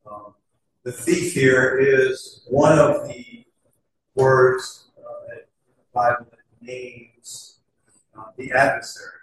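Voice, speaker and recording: Earnest middle-aged preacher in an echoey hall. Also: male voice, medium pitch, a little hiss or hum. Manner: earnest, conversational with frequent fillers; slows and stresses scripture words. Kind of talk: sermon. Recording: echoey hall, distant mic.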